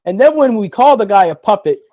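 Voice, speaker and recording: A man co-hosting a podcast in casual sports chat, arguing in a frustrated rapid-fire way. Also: high voice, animated, warm tone, no room sound. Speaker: podcast co-host. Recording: dull, dry lo-fi sound.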